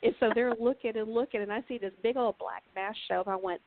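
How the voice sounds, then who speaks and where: A woman's voice: a little high, fast talker. A woman from Texas, a guest author, telling funny personal stories in a casual chat and laughing often. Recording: tinny phone-like line, dry.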